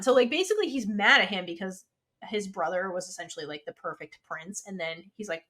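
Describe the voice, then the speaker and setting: A woman co-hosting a podcast in casual, animated chat, talking fast and loose with lots of "like". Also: medium pitch. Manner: chatty, animated, peppered with "like". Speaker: podcast co-host.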